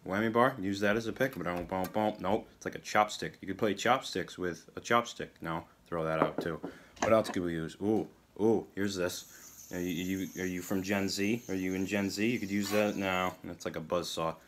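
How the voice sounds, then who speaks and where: A man's voice: deep voice, moderate pace, a bit bright, slight background noise. A man hosting a comedic guitar video, talking in a dry, sarcastic way full of rambling asides. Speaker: video host.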